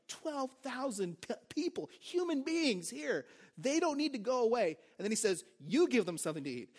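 A man preaching a sermon as pastor, in a casual, conversational way with joking asides, "like" and "right?". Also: very high-pitched.

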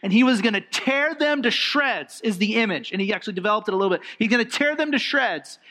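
A man preaching a sermon, emphatic and animated, with rhetorical questions and lively swings in emphasis. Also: sits high, fast. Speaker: pastor.

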